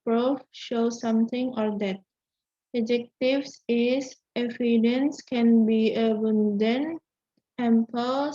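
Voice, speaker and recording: A young woman, a student presenter, reading a vocabulary list slowly with small restarts. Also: on the high side, dark tone. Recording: dull lo-fi recording.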